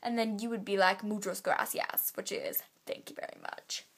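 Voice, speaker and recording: A teenage girl vlogging at home into her camera's built-in mic, chatty and full of fillers, drawing her phrases out slowly. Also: medium pitch, fairly even intonation. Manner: chatty, filler-heavy, drawn-out slow phrasing. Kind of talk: casual vlog, teaching basic Spanish phrases. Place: home, indoors.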